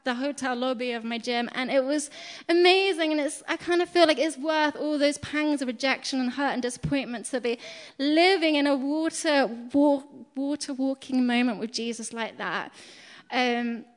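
A high-pitched woman preaches in a lively, conversational way, telling stories and laughing at her own slips. Her voice carries a long reverb from the hall around her. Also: moderate pace. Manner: chatty and animated, laughs at herself. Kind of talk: storytelling sermon. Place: church hall.

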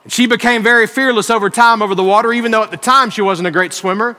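High, bright-voiced preaching man. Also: fairly even intonation, fast, in a large hall. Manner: earnest storytelling with emphatic rises. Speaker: pastor. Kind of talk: sermon.

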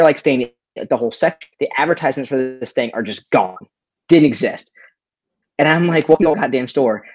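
Male co-host, mid-pitched, profane storyteller, dull dry recording. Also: no room sound. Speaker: podcast co-host. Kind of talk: casual chat.

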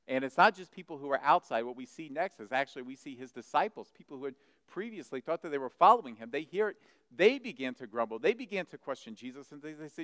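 A male pastor preaching a sermon. He retells a scripture passage and voices the doubting crowd with a rising, agitated pitch. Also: lively intonation, fast talker, a bit bright, no room sound, long reverb tail.

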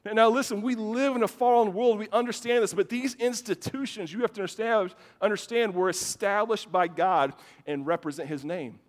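High-voiced preacher in a reverberant hall. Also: male voice, brisk. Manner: animated, repeats words at the start of phrases. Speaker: pastor. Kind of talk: sermon with personal storytelling. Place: church sanctuary with a congregation.

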